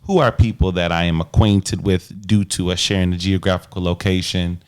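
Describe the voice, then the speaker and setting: A man's voice: deep voice, steady tone, moderate pace, smooth. A man co-hosting a podcast, talking in an earnest, reflective way with loose casual slang. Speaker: podcast co-host. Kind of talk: casual relationship chat.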